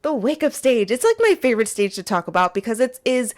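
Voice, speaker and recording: A woman hosts a casual fan commentary monologue, speaking straight to her listeners in a playful, animated way. Her pitch swings up and down with plenty of life. She records from a small closet. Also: fairly quick. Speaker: host.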